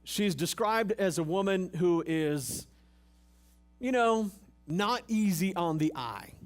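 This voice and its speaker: Lively, joking male pastor preaching. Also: sits high, slow. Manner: conversational, humorous preaching with rhetorical questions. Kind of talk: sermon. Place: church service.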